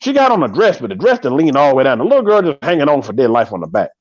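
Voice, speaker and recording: A man in his thirties hosting a live podcast, riffing with animated, joking commentary and drawn-out exclamations. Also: mid-range voice, no room sound, lo-fi sound. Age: 30s. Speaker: podcast host.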